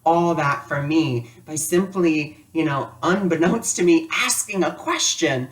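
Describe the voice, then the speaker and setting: A man's voice: on the high side, measured pace. A man giving a casual spiritual lesson, telling a personal story in a chatty way with many fillers. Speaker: spiritual teacher. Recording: voice a bit distant from the mic.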